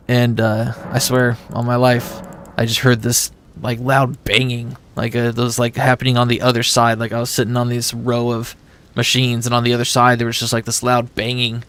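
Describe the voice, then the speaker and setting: A gaming streamer, an adult man with a son, rambles through a long story to his viewers as he plays live. He chats casually in a creaky, mid-range voice.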